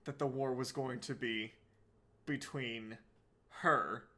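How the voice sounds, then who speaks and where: A man telling a comedic story in an animated, digressive and sardonic way. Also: mid-range voice, slow pace. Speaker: podcast comedian.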